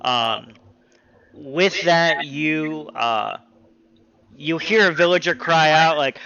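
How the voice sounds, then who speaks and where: A man narrating as game master of a tabletop role-playing game, relaxed and hesitant, with many pauses and fillers. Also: fairly high pitch. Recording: slightly dull lo-fi audio with faint music.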